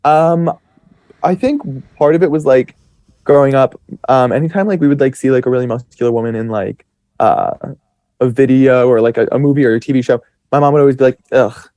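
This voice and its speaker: A man's voice: medium pitch, fairly quick, dark tone, dry recording. A man in his twenties, a podcast guest, telling stories in a chatty, rambling way with lots of fillers and quoted self-talk. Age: 20s. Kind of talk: casual storytelling.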